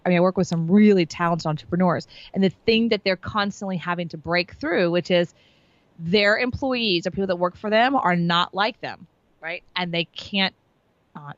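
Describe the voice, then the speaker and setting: Woman business coach, lowish voice, bubbly and emphatic, dry lo-fi sound. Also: dry recording. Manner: bubbly, emphatic, acts out others' lines. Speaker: sales and marketing coach, guest. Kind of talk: animated interview storytelling.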